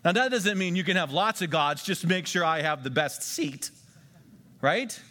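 A male pastor delivers a sermon in a fairly high voice, emphatic and deliberate, slowing down to repeat key phrases for his listeners. His words ring out with a long reverb from a large church hall. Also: lively intonation, sharp tone.

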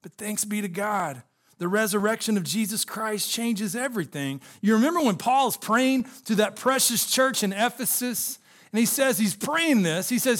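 A man's voice: sits high, expressive, normal speed, fairly bright tone. A man preaching an Easter sermon, telling stories and addressing the congregation directly. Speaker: pastor.

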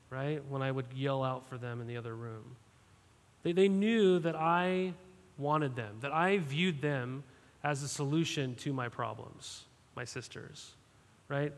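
A man preaching a sermon, his fairly high voice carrying through a long hall reverb. He speaks plainly and directly to the congregation, asking questions and tagging lines with "right?". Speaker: pastor. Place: church sanctuary.

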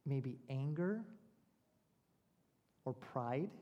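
Pastor preaching in an echoing hall. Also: male voice, mid-range voice, expressive, highs cut off. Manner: storytelling, rhetorical questions, slow deliberate pauses. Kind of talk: sermon. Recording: long reverb of a large hall.

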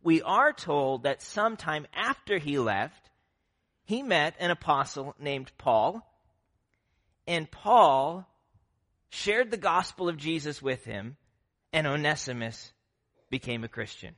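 A man's voice: on the high side, animated, takes it slowly, long pauses, fairly bright tone. A man preaching a sermon as pastor, earnest and conversational, with occasional fillers and restarts.

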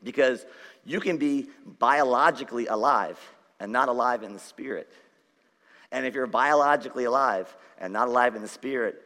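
Preaching in a jokey, conversational way with asides to his listeners, this pastor addresses a congregation in a big church hall where the sound reverberates at length. His mid-range voice comes across pushed and bright. He has Dutch, Irish, Scottish and Jewish roots.

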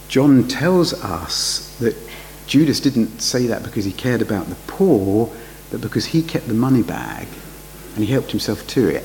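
A man preaching a sermon, his voice lively and full of rhetorical questions. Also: mid-range voice, slight background noise, rough recording.

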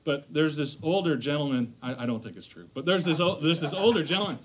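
A man's voice: on the high side, expressive, quick pace, slightly rough. A man from the northern US giving a casual sermon as a guest lay preacher in a church, chatty and self-deprecating, with lots of fillers and restarts. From northern United States. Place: church sanctuary.

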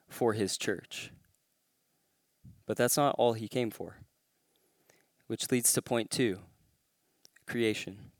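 A man's voice: on the low side, no echo, studio quality. A man preaching a sermon as a pastor, pressing hard on his main points and lifting his voice to stress them. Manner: emphatic, rising to stress key claims.

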